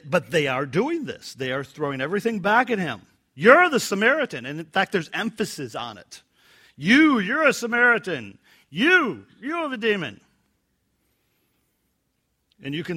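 Animated man teaching scripture. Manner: animated, acts out quoted lines with rising pitch and volume. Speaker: preacher. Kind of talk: verse-by-verse Bible teaching.

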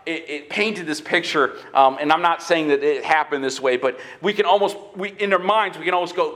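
Guy preaching a sermon, high bright voice, gets loud, acts out little scenes. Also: roomy sound. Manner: animated preaching with bursts of shouting; acts out dialogue in quick asides. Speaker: pastor.

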